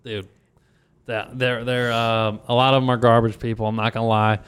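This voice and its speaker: A young Louisiana man, a comedian guesting on a podcast, rambles loosely through a story, swearing freely and leaning on filler words. His middle-pitched voice is flat in delivery, moderately paced, a bit bright, and clean. The chat stays casual and unpolished from start to finish.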